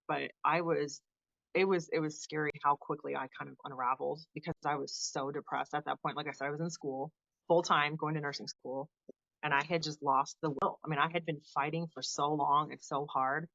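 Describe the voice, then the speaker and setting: A woman in her thirties, a guest on an interview show, telling her story in a casual, animated way and acting out the people she quotes. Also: sits low, creaky, no echo, lo-fi sound. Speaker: podcast guest, Air Force veteran.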